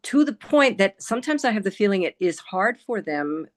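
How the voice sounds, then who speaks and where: A woman's voice: mid-range voice, sing-song, moderate pace. A woman in the audience asking a question during an online Q&A, explaining her view in a thoughtful, slightly hesitant way. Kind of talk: Q&A question on a video call.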